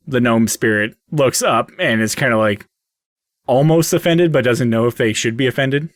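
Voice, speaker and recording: A man's voice: mid-range voice, normal speed, dry recording, clean studio sound. A man narrating as game master in a loose, hesitant way with many fillers.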